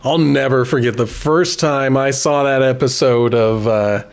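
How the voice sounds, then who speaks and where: Middle-aged male streamer, unhurried, chatty, laughs easily, casual gameplay talk. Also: medium pitch. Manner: chatty, laughs often, self-correcting.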